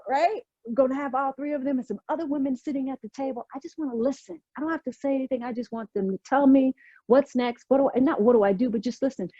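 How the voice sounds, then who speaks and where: Animated middle-aged woman telling her story. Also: on the high side, no room sound, muffled recording. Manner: emphatic, testimonial, animated retelling. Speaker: guest. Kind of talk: storytelling interview.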